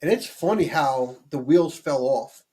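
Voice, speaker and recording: A man with a high-pitched voice co-hosts a casual sports talk show. He rambles animatedly, doubling back on his words and restarting sentences as he builds his point. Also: expressive, a little slow, warm tone. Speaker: sports podcast co-host.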